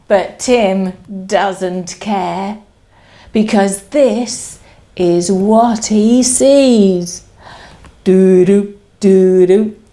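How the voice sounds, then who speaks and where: Woman, nursery teacher, picture-book read-aloud, high voice, very slow, sing-song, lively. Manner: lively, sing-song, asks children to join in. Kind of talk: reading a picture book aloud to young children.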